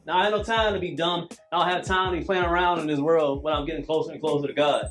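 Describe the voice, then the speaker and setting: High-voiced preachy workout coach man. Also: fairly even intonation, quick pace, a bit bright, faint music behind. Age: late 30s. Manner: preachy, repetitive motivational cues. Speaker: calisthenics coach.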